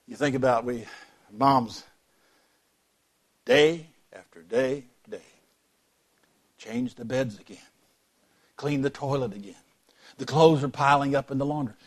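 A man preaching a sermon in a church, telling folksy stories and joking with the congregation. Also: fairly high pitch. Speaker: pastor.

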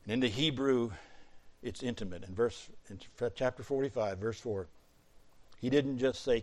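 A man preaching a sermon, swinging between loud fervent peaks and quiet low asides. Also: moderate pace.

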